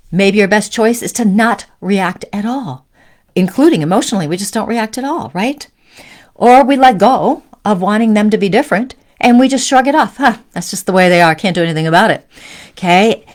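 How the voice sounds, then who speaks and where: A woman hosting a live spiritual teaching stream, speaking in a gentle coaching way and often checking in with "right?" and "okay?". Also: mid-range voice. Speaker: host.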